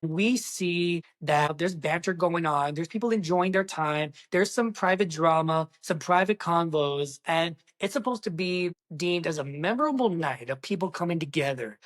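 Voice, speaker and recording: A woman giving a casual movie review, excitable and exclamatory, talking straight to her viewers. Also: sits low. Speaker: film reviewer.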